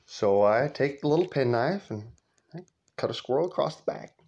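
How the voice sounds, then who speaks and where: A man's voice: mid-range voice, animated, normal speed, darkish tone, muffled recording. A man casually telling a rambling, profane story from his childhood, laughing as he goes.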